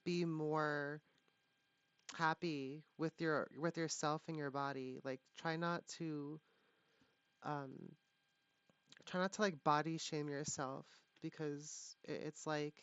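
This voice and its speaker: Low-voiced woman giving a tarot reading. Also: steady tone, clear, resonant tone, no echo. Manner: halting, full of fillers and restarts. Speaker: tarot reader. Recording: dull lo-fi, dry sound.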